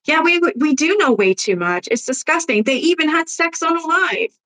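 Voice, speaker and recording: A woman hosts a casual live stream in a high-pitched, animated, fairly bright voice at normal speed, and the audio quality is poor. She gossips bluntly, swears freely, laughs often and answers viewer comments.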